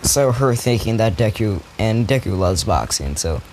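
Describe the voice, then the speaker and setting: A man's voice: lowish voice, animated, normal speed, a little mellow, a little hiss or hum. A young man telling a made-up story in casual chat, loose and slangy, full of fillers and restarts.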